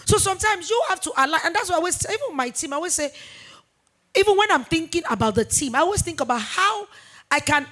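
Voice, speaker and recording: A woman in her forties, a business founder talking in a fireside chat interview, emphatic and animated, repeating points for weight. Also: high-pitched. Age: 40s. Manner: emphatic, animated storytelling with repetitions.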